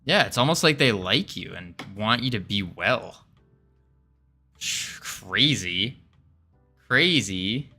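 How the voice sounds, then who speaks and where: A man's voice: on the low side, sing-song, moderate pace, few pauses, sharp tone, soft background music. A man streaming his game development, chatting casually and reading chat aloud, chuckling often as he rambles. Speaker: game dev livestreamer.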